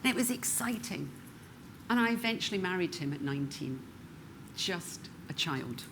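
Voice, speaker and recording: A woman's voice: on the low side, expressive, a bit bright, slight background noise. Scottish woman giving a motivational stage talk. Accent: Scottish, Glasgow. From Scotland. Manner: dramatic pauses, slows down for emphasis. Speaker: keynote speaker. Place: conference room before a live audience.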